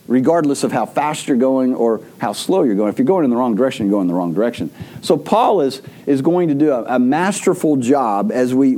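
A man's voice: medium pitch, dark tone. A man preaching a sermon as a pastor, telling stories in a rambling way with frequent restarts.

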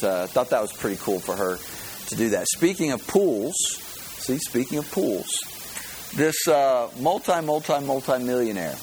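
A man's voice: mid-range voice, a little mellow, a little hiss or hum, poor audio. A man preaching a sermon as pastor, in a folksy storytelling way with many fillers and restarts.

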